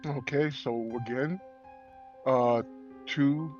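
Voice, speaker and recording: A man's voice: medium pitch, steady tone, drawn-out words, darkish tone. Brief: man at a game table listing abilities, muffled mic, faint music. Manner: methodical, lists abilities with fillers. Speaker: player. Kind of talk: casual tabletop game play.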